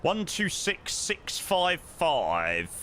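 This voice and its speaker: A young man streaming a flight simulator, chatting with viewers in an excitable, talkative way. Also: fairly high pitch, drawn-out words, a little hiss or hum. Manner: excitable, chatty, reacts loudly and greets viewers. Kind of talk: live-stream chat while playing a flight simulator.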